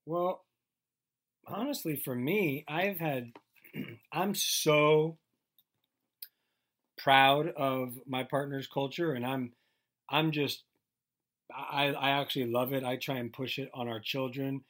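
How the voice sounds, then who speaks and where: A man co-hosting a podcast with his wife in casual chat, teasing her and often clearing his throat. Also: medium pitch, steady tone, takes it slowly, pauses often, a bit bright. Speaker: podcast co-host.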